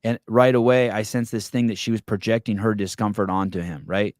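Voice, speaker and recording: A man hosting a podcast, telling a long story in a casual, animated way, swearing often and restarting his sentences. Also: lowish voice, fairly quick, dry recording, studio quality. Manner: animated, profane, rambling with many restarts. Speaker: podcast host.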